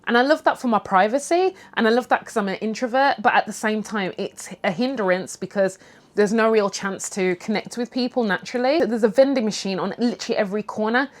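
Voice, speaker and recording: A young woman from the UK, a vlogger with a fairly high-pitched voice, chats candidly over tea. She speaks frankly, swears casually and acts out little quotes.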